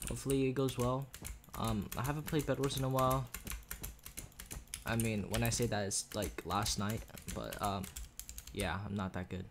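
A man's voice: mid-range voice, fairly even intonation, moderate pace, background noise. A man giving casual, rambling commentary over his own gameplay, joking and trash-talking the other players, recorded on a desk microphone. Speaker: gaming YouTuber. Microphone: USB desk microphone. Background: faint keyboard and mouse clicks.

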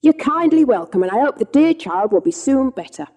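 A woman's voice: sits high, big pitch swings, a little fast, dark tone, pitched above the performer's own voice. A woman doing a kindly old-fashioned cabman. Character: kindly, devout middle-aged London cab driver, man.

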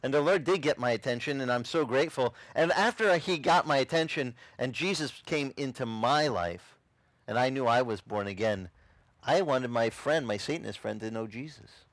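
A pastor, a man, delivers his testimony as a dramatic story, acting out each scene for his listeners. His voice sits at an ordinary middle pitch. The sound is dry and close, with next to no room echo. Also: moderate pace, a bit bright. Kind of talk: testimony sermon. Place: outdoor beach service.

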